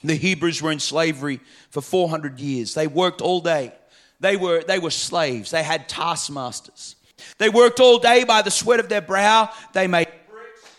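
High-voiced man preaching a sermon. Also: a little slow. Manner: emphatic preaching with rhythmic repetition; swings from quiet, low passages to loud, half-sung climaxes. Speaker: pastor. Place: church.

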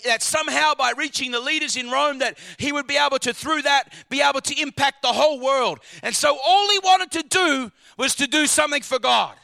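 A man's voice: very high voice, creaky, pushed and bright. A man preaching a sermon to a congregation, emphatic, throwing out rhetorical questions and repeating his words as he builds a point. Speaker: pastor.

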